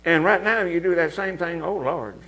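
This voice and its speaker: A man in his nineties, a medicine show performer, reminiscing as a guest in a folksy, halting way. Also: fairly high pitch, pushed and bright, rough recording. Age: 90s. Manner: folksy, halting, with many fillers and restarts. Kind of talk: reminiscing interview talk.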